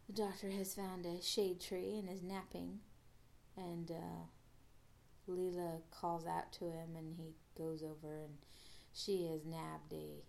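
A woman's voice: fairly low pitch, flat delivery, slow, creaky, a little mellow. A woman podcast host casually recapping an episode, rambling with many fillers and restarts.

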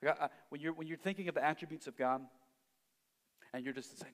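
A man preaching a sermon. He swells to loud emphasis and then drops almost to a hush. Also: a little high, quick pace, long pauses, in a large hall. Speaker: pastor.

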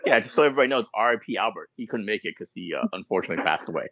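A man co-hosting a podcast in casual chat, animated and joking. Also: fairly low pitch, very fast, no echo. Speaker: podcast co-host.

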